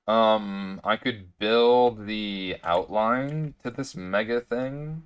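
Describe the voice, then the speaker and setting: A man with a low, unhurried voice rambles through his game session, thinking aloud and breaking off with hiccups. Keyboard clicks and typing sit behind him at his desk mic. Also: animated. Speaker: gaming streamer. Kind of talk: casual gameplay commentary.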